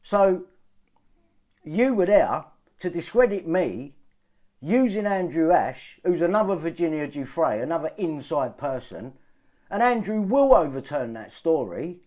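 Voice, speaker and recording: A man's voice: on the high side, big pitch swings, unhurried, mellow. A man ranting to his viewers, agitated and swearing often, repeating himself to drive points home. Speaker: vlogger. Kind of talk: ranting monologue to camera.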